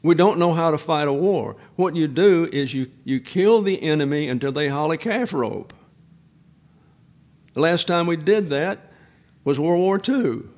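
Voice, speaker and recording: A man's voice: on the high side, expressive, unhurried, a little mellow. A man in his eighties preaching a sermon, a pastor who drifts into folksy personal stories with frequent restarts. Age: 80s.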